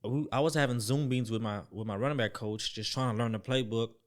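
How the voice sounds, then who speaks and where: A young man telling a story as a podcast guest, acting out the voices he quotes, dropping to near-whispers and then jumping up loud. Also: medium pitch, fairly even intonation, fast talker. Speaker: podcast guest, former football player. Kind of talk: storytelling in a casual interview.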